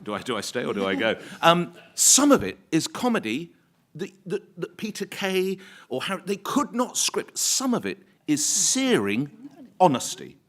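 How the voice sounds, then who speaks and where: A man, a commercial talk radio presenter, giving an animated anecdote-filled speech at a conference and acting out quoted voices. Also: on the high side, normal speed. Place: conference hall.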